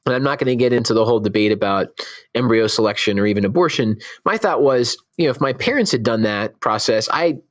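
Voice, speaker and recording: A man's voice: mid-range voice, quick pace. A man in his thirties, raised in Scotland but speaking with an American accent, talking in an earnest, reflective interview way and laughing easily. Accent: American, Texan-leaning with faint Scottish traces. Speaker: oncologist guest. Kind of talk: conversational interview.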